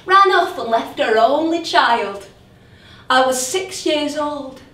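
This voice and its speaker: High-voiced actress doing a lonely drunk woman, slow and halting, roomy theatre from far off. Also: animated, bright, forceful tone, full character voice. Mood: bitter. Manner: halting, repeats her words. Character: lonely grown woman, a drunk, waiting for her late dad. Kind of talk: stage monologue. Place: theatre stage. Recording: roomy theatre heard from a distance.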